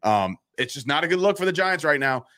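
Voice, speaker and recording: Bright punchy guy ranting about football, swears a lot, super casual. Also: fairly high pitch. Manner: animated, swears freely, quick rants. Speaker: sports podcast co-host. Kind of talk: casual sports talk.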